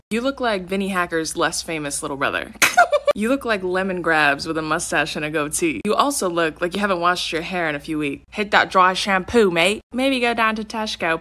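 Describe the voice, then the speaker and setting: A woman's voice: lowish voice, bright, forceful tone, pitched below the performer's own voice. A woman putting on a mocking British lad accent, taunting with exaggerated slang. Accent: put-on British. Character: mock cocky British lad, young, mocking.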